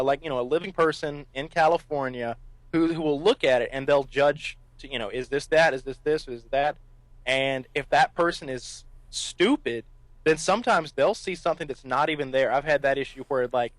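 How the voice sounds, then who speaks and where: A man with a slightly higher voice co-hosts a casual podcast, rambling through explanations and swearing offhandedly. His sound is dry and close to the mic. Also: a bit bright, no room sound, rough recording. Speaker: podcast co-host.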